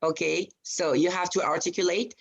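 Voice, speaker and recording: Woman playing rude shop clerk, condescending, curt, low gravelly voice, improv over video call. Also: steady tone, normal speed. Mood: dismissive. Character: rude, snobbish female copy-shop clerk.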